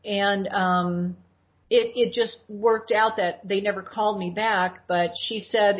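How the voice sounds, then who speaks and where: Husky woman in her sixties, lo-fi. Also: mid-range voice, slow pace. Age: 60s. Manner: animated retelling that acts out her own past words. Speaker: guest. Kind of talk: personal storytelling in interview. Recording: dull lo-fi audio.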